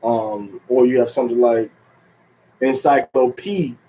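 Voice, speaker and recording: A man gives a religious lesson at a slow, measured pace. His voice is dark and mellow, and he halts often with fillers and restarts. He stretches out the words he wants to stress. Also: mid-range voice, rough recording. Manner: drawn-out stress on key words. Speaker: religious teacher. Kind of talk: teaching talk.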